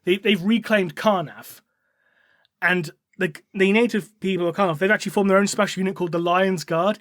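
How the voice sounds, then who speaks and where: Rambling high-voiced podcast host. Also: male voice, fairly even intonation, a little fast, a bit bright, no room sound, studio quality. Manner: rambling, many fillers and swearing. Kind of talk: casual chat, retelling a novel.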